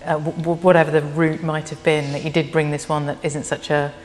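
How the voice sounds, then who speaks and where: A woman hosting an interview, soft-spoken and reflective, asking gentle questions. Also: low-pitched, flat delivery, fairly quick. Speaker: host and interviewer. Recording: long reverb with faint guitar music.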